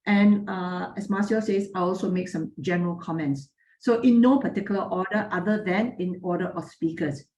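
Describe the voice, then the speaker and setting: A woman judging a moot court, giving frank but encouraging feedback to students in a clear, projecting voice, with many fillers and restarts. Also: medium pitch, mellow, roomy sound, a little hiss or hum, rough recording.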